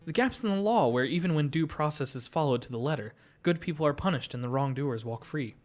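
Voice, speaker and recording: A man's voice: a little high, animated, a little fast, close to an everyday voice. Man voicing a suave fox investigator. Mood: earnest.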